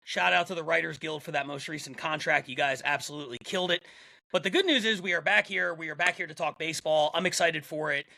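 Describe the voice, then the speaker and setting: Male host, very bright gravelly voice, upbeat with lots of ums. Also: fairly high pitch, fast talker, no echo, clean studio sound. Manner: upbeat, hesitant with fillers when thinking. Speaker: podcast host. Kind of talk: casual chat.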